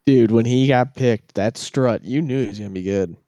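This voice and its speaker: A man's voice: medium pitch, moderate pace, dark tone, no room sound. A man co-hosting a casual sports chat, ranting animatedly and swearing freely. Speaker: podcast co-host.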